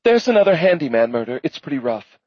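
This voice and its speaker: A man's voice: a little high, big pitch swings, fast talker, no room sound, dull audio, voice pushed up. A man narrating an audiobook voices a shaken female police chief who gives urgent orders and pleads for help.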